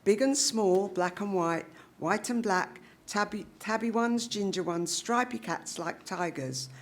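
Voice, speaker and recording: A woman reading a children's short story aloud at a public reading, in an animated, expressive style with voiced characters. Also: medium pitch, a little slow. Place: live literary reading event.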